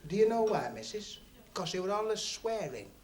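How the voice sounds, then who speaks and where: A man's voice: high voice, big pitch swings, moderate pace. A man doing a chatty club stand-up routine, teasing the audience and telling jokes in broad dialect. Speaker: stand-up comedian. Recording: old club recording with loud crowd laughter and noise.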